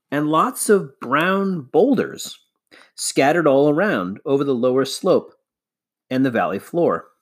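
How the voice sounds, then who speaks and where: Man reader, children's novel, expressive, mid pitch, animated intonation. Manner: measured, expressive storytelling. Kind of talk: reading a children's novel aloud.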